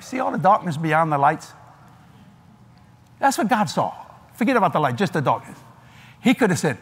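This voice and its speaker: Older preacher guy, husky voice that jumps all over the place, folksy and laughing. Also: a little high, moderate pace, pauses often. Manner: animated, laughing, drawling with folksy asides. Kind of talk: sermon. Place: large convention hall.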